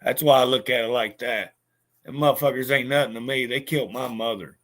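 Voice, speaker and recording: A man's voice: mid-range voice, brisk, fairly bright tone. A man telling a personal story in a bitter, profane way, with lots of stammered restarts. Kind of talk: casual spoken monologue.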